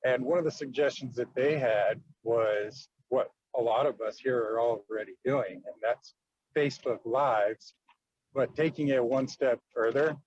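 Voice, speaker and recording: A man's voice: medium pitch, unhurried, a little mellow, husky, dry recording, lo-fi sound. A man on a video call asking the group a long question, rambling with many fillers. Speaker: team member asking a question.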